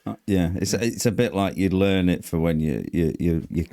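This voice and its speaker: A man's voice: sits low, moderate pace, background noise. A man appearing as a guest on a comedy podcast, talking in casual chat with wry, self-mocking humour.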